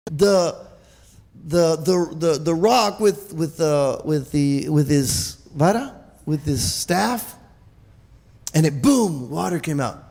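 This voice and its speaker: A man's voice: on the high side, animated, slow, gravelly, darkish tone, big-room sound. A man preaching a sermon in an emphatic, repetitive way, stumbling and restarting often. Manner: emphatic, repetitive, with many restarts and stammered repeats. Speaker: pastor.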